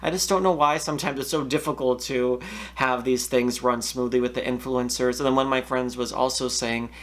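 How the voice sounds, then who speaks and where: A man's voice: medium pitch, steady tone, fairly quick. A man hosting a commentary video, reading posts aloud and giving his own thoughts in a casual way. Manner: reads quoted posts loudly, then talks casually with fillers. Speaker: commentary channel host.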